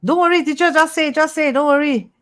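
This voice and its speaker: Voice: high-pitched, quick pace, fairly bright tone, pitched above the performer's own voice. The teacher putting on an eager client who keeps insisting on hearing the truth. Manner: pleading, insistent, repeats itself.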